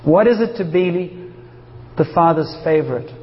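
South african-raised guy giving a sermon, kinda high voice, jokey, long hall echo, muffled. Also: expressive, moderate pace, slight background noise. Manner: informal and joking, talks to the audience. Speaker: preacher. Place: church hall. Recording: dull reverberant hall.

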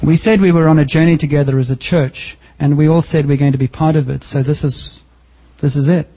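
A man preaches to his church in a husky, slightly raised voice. He jokes and jumps upward in pitch to drive points home. The recording is dull and lo-fi. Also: fairly quick. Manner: lively, joking preaching with sudden pitch jumps. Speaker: pastor. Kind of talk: sermon.

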